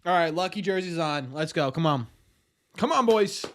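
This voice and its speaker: Young male streamer host, excitable and self-deprecating, lively pitch swings. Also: moderate pace. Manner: excitable, self-mocking banter with chat. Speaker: livestream host. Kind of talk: casual live watch-party chat.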